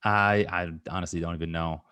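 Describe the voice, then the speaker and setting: A man's voice: sits low, fairly even intonation, a little fast, sharp tone, smooth, no room sound, studio quality. A man co-hosting a podcast in casual sports chat, rambling with frequent laughs and restarts. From New York area. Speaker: podcast co-host.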